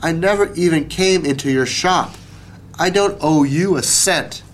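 A man's voice: fairly high pitch, a little slow, slight background noise, voice pushed up, natural voice. A man doing a folksy humble cowboy. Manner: folksy and mild. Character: easygoing drawling male cowboy, humble.

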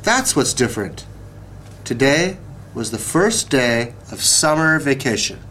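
A man reading a children's picture book aloud, page by page, in an expressive, measured storytelling voice. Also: mid-range voice, slight background noise.

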